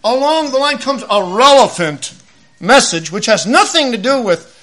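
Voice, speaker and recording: Preacher guy in his 50s, high bright voice, folksy and animated, tells it like a story. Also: normal speed. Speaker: lay preacher. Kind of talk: sermon.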